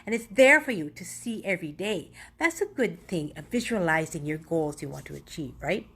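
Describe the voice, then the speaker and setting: A woman's voice: fairly low pitch, expressive, normal speed, fairly bright tone, breathy edge. A middle-aged woman talking casually and earnestly through motivational tips, often rambling and correcting herself. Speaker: motivational vlogger.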